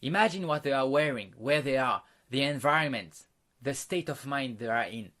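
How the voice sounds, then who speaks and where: A man's voice: medium pitch, lively intonation, a bit bright. Man teaching a social skills course. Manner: explanatory, unhurried, frequent fillers and restarts; walks listeners through exercises and demonstrations. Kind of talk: online course lecture.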